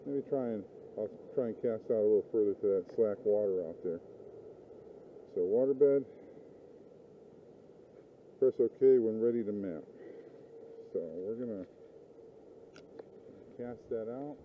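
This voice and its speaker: By a river, a fishing vlogger narrates his outing in a casual, rambling way, swearing when things go wrong. His voice sits on the low side, unhurried with frequent pauses, over tinny lo-fi outdoor audio with slight background noise.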